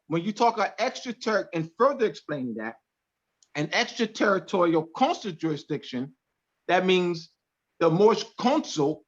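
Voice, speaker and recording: A man teaching a class on a video call, speaking emphatically and repeating key phrases. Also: high-pitched. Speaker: class instructor. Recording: dull lo-fi call audio.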